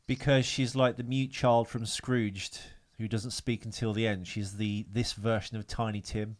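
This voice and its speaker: A man's voice: lowish voice, flat delivery, measured pace. A man co-hosting a casual podcast chat, reading out trivia with lots of fillers and restarts. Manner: rambling, hesitant, reads trivia with many fillers. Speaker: podcast co-host.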